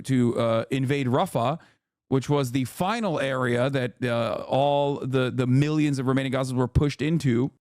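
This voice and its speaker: A man's voice: medium pitch, darkish tone, dry recording, studio quality. A man commentating on a live stream, ranting heatedly with lots of swearing and mocking voices for the people he criticizes.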